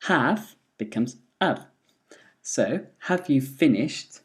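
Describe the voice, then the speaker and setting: A pronunciation teacher talking at an unhurried, deliberate pace. Each example is spoken clearly, once in the full form and once in the weak form, in a steady scripted classroom delivery. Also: medium pitch. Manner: slow, careful, models each phrase twice, full then weak form.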